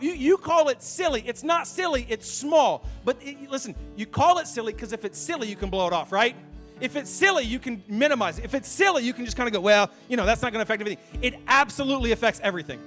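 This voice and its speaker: A man in his thirties, a pastor preaching a sermon from a church stage in an animated, self-mocking way, acting out little dialogues. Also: very high voice. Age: 30s.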